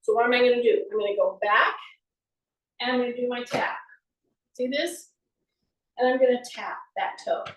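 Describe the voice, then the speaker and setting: High-voiced woman coaching exercise. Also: normal speed, pauses often, recorded from a distance. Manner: chatty, encouraging, demonstrates while talking. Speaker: fitness instructor. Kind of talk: live exercise class instruction. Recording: echoey room, voice from off the mic.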